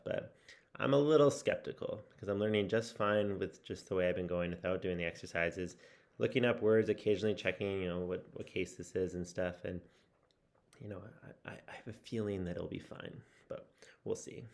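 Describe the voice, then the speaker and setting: A man's voice: low-pitched, moderate pace, vocal fry, darkish tone. A man talking through a casual video update on his language study, rambling and musing with lots of restarts. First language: English. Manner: rambling, with many fillers and restarts; musing and self-reflective. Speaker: language-learning vlogger. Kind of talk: casual spoken progress update.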